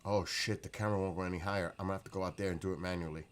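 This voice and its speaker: A man's voice: low-pitched, racing. A man hosting a casual livestream, chatting and reacting to viewer comments with frequent exclamations. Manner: excitable, frequent exclamations and laughter. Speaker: livestream host.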